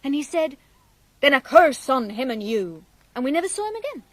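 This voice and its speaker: A woman's voice: high-pitched, sing-song, normal speed, fairly bright tone, no room sound, poor audio. A teasing young lady of the manor. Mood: storytelling. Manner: teasing, lilting, storytelling. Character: young woman of an old family, playful and teasing. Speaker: Miss Raven. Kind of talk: radio drama acting.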